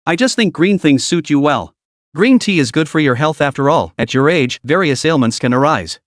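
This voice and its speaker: A coquettish young mistress who acts sweet and helpless in a whiny, sugary voice, as a man puts her on. The voice sits a little high and swings freely in pitch. It is a storybook-style comic recap read close and dry. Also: expressive, moderate pace, no room sound, natural voice.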